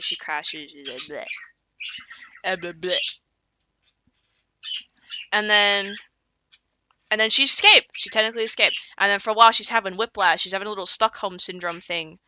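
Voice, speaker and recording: A woman's voice: mid-range voice, moderate pace, long pauses, noisy background. A woman streamer telling a story on a casual stream, rambling and profane, with lots of fillers.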